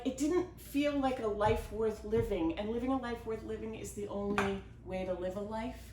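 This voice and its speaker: A middle-aged woman, a writer, telling a self-deprecating personal story at home and animatedly acting out what people said. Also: on the high side. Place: home kitchen. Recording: roomy home recording from a distance, with background noise.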